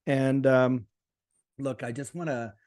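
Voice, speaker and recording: A man's voice: mid-range voice, steady tone, slow pace, darkish tone. A man guest in a casual chat, talking with emphatic enthusiasm. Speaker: guest commentator.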